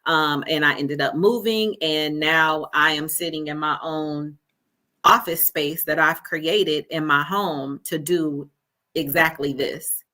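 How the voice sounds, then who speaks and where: Bright-voiced woman coach telling her story. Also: low voice, fairly even intonation, slow pace. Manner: storytelling, earnest, with frequent "right?" check-ins. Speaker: life coach guest. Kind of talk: conversational interview. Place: home office.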